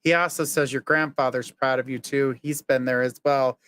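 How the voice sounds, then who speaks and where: A man's voice: medium pitch, fairly even intonation, normal speed, fairly bright tone, smooth. A man hosting a live psychic reading, earnestly relaying messages and reassurance. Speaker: psychic medium host.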